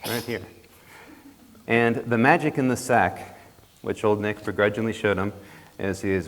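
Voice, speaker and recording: In a church hall with a long reverb, a male storyteller tells a folk tale to a congregation in a playful, chatty manner with jokey asides. His lowish voice has fairly even intonation, runs a little slow, and includes long pauses.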